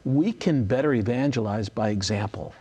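A man's voice: medium pitch, normal speed, darkish tone, slightly rough. A middle-aged man speaking as an interview guest in a casual chat, earnest and enthusiastic, with many restarts. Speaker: guest, ministry leader.

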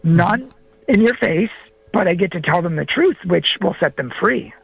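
A man talking as a guest on a radio show, telling stories in an animated way and acting out the dialogue. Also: sits high, normal speed, creaky, breathy edge, no echo, poor audio. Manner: animated, acts out quoted dialogue. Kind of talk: storytelling in a radio interview.

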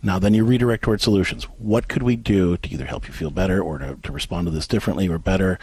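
A man co-hosting a call-in advice show, coaching a caller step by step and acting out gentle example phrases. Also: low voice, fast, breathy edge, no room sound. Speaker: radio advice host.

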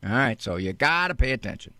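A man doing stand-up comedy, telling an animated story and acting out scenes. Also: mid-range voice, fairly quick, no echo, clean studio sound.

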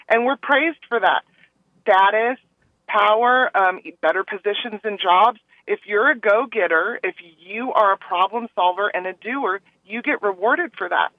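A woman calling into a radio show, talking earnestly and rambling a little, acting out other people's words in animated asides. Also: mid-range voice, a little slow, no room sound. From Texas. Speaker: caller. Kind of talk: call-in radio chat. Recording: tinny phone line.

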